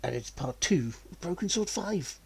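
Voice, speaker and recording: A man's voice: sits high, expressive, normal speed, gravelly, husky. A man hosting a let's-play stream, chatting and rambling and laughing often while he plays.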